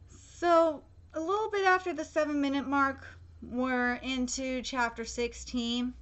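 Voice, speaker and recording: A woman's voice: high voice, steady tone, unhurried, a bit bright, highs cut off. A woman streamer ranting through a live anime reaction, exasperated and profane, with frequent fillers and restarts.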